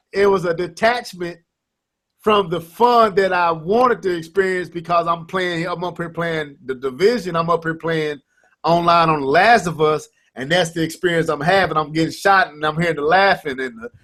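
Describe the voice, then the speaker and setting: Brief: man in his thirties, gaming podcast co-host, slightly high voice, animated and rambling. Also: normal speed. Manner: animated storytelling, many restarts and quoted banter. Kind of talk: casual gaming podcast chat.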